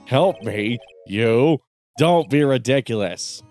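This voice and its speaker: A man voicing a haughty male prosecutor in a game, speaking slowly and disdainfully with a slightly nasal tone. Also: mid-range voice, lively intonation, a little mellow, soft background music. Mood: condescending.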